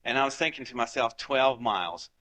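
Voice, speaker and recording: A man in his seventies from Ohio telling anecdotes in a lively way and acting out the dialogue. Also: medium pitch, a little fast. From Ohio, United States. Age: 70s. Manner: acts out dialogue with lively voices. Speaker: guest storyteller. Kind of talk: animated anecdotal storytelling.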